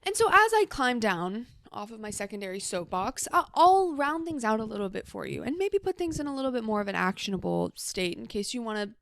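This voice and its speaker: A woman's voice: on the high side, sing-song, brisk, hardly any pauses, no echo, studio quality. A young adult woman hosting a solo advice podcast, talking casually and reassuringly with a lot of "like" fillers. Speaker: podcast host.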